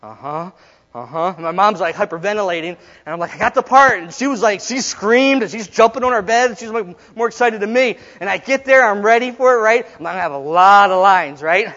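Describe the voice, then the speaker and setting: A man's voice: high-pitched, a little fast, hardly any pauses, a bit bright. A middle-aged man preaching a sermon, telling a story and acting out the people in it, laughing often. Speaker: pastor. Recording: dull sound in a reverberant hall.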